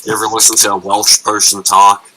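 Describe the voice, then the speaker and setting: A man's voice: lowish voice, monotone, brisk, sharp tone, slight background noise, poor audio. A man chatting with friends on a voice call, telling stories with dry jokes. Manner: dry, joking, storytelling. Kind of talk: casual chat on voice call. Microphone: computer mic on voice call.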